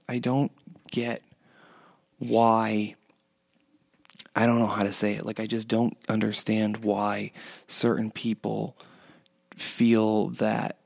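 A man's voice: on the low side, vocal fry, no room sound, studio quality. A man casually telling a rambling story about his workplace, full of restarts and fillers. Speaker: retail worker telling a work story.

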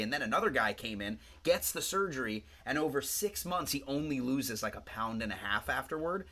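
Man, podcast co-host, bright tone, rambling, profane, animated. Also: mid-range voice, a little fast, hardly any pauses. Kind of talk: casual podcast chat.

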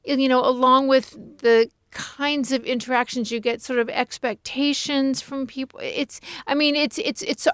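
A woman's voice: sits high, fairly even intonation, measured pace, few pauses, fairly bright tone, smooth, no room sound, clean studio sound. A woman author chatting casually on a podcast, laughing often as she tells stories. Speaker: guest author.

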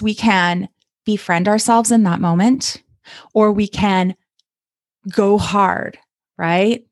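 A woman's voice: medium pitch, slow, pauses often, dry recording. Encouraging coach woman, dry close sound. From Canada. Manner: warm encouraging coaching talk. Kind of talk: podcast monologue.

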